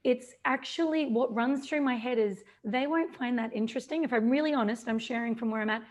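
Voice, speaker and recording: A woman's voice: on the high side, brisk. A woman in her forties hosting a podcast, talking openly and reflectively about her own business. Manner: open and reflective, with small restarts. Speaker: podcast host. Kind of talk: casual podcast conversation.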